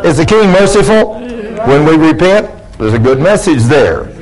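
A man's voice: fairly high pitch, very animated, normal speed, a little mellow, rough recording. A man preaching a sermon, folksy and conversational, acting out quotes from people in his church. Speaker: pastor.

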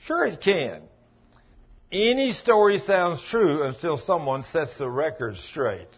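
A man's voice: a little high, lively intonation, slow, husky, dull audio. A man preaching a sermon as pastor, telling folksy stories in a plain-spoken, emphatic way.

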